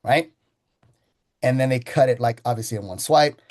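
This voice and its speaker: A man with a darkish tone gives a sales training talk, describing how he runs a customer pitch and acting it out with slow, deliberate pauses.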